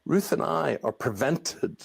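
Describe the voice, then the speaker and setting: A man's voice: on the high side, very animated, a little slow, gravelly, breathy edge, no room sound. A TV presenter, a man, speaking indignantly in a TV interview. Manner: indignant, complaining.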